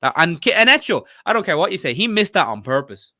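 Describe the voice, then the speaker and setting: Animated Irish man with a bright voice. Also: high-pitched, quick pace. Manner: animated, profane, laughing ranter. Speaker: podcast co-host. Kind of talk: casual football chat.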